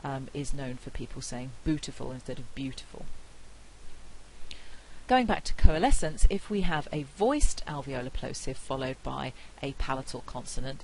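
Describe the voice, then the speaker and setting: A middle-aged woman with a British accent giving a university lecture, explaining clearly and saying example words aloud. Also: very deep voice, slight background noise, low-quality recording. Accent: British English. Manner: clear, measured explanation with spoken pronunciation examples. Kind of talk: recorded phonetics lecture.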